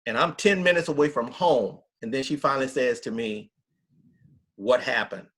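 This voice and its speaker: A man's voice: medium pitch, animated, normal speed, fairly bright tone, breathy edge. A middle-aged man, a pastor, telling his story in an interview with emphatic, earnest country talk. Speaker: pastor, guest.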